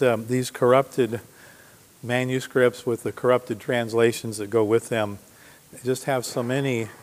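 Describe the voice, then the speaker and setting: A man's voice: on the low side, a little mellow. Man preaching in an echoing hall. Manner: teaching Bible verses, reading scripture aloud with emphasis; asks the congregation questions. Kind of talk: sermon. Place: church sanctuary.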